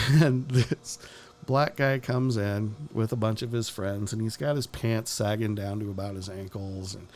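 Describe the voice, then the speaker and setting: A man's voice: fairly low pitch, fairly even intonation, unhurried, a little mellow. A man hosting a podcast, giving blunt, profane opinions in casual talk and chuckling often. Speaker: podcast host.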